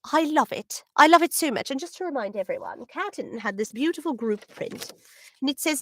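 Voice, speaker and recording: A woman's voice: high-pitched, lively intonation, fairly quick, fairly bright tone, slight background noise. A voice actress with a New Jersey accent chatting casually with viewers on her livestream, bubbly and full of laughs and "like"s. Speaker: voice actor hosting a signing stream.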